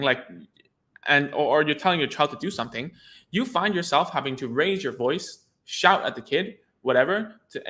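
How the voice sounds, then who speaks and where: Guy with a bright voice chatting through parenting tips, lots of restarts, super casual. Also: medium pitch. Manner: chatty, informal, restarts and repeats words. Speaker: speech therapist. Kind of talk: casual teaching talk to camera.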